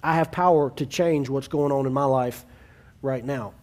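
A man's voice: medium pitch, moderate pace, darkish tone. A man who is a pastor, preaching a sermon in an earnest, conversational way, with restarts, and acting out quoted family dialogue.

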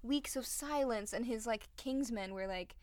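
A woman's voice: a little high, unhurried, a little mellow, no room sound. A young woman co-hosting a podcast, telling a history story in a chatty way, full of "like". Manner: chatty, lots of "like", acts out quotes. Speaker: podcast co-host. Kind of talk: casual storytelling chat.

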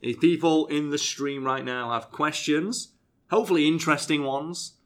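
A man's voice: fairly high pitch, moderate pace. A young man hosting a podcast, laid-back and joking, and he swears freely. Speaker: podcast host and streamer. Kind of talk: casual podcast chat.

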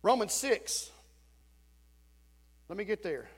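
A man preaching a sermon as pastor in a church, folksy and animated, with sudden loud shouts. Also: high-pitched, slow pace, husky. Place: church sanctuary. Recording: church sanctuary with long reverb.

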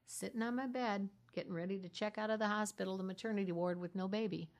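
A middle-aged woman minister telling her story in a heartfelt conversational way, sinking into a soft half-whisper at tender moments. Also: mid-range voice, steady tone, fast talker.

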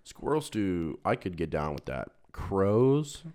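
Deep low-voiced guy on a podcast, rambling funny work stories, swears a lot. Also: slow pace. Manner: animated storyteller, swears freely, laughs at his own tales. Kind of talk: casual storytelling chat.

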